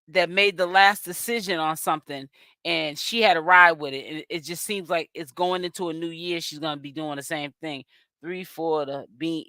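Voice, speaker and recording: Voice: mid-range voice, bright, forceful tone, clean tone, no echo, studio quality. Sassy host with a Boston accent. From Boston, Massachusetts. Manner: sassy and chatty, with drawn-out exclamations. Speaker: host of a celebrity gossip channel. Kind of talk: live-stream commentary reading chat.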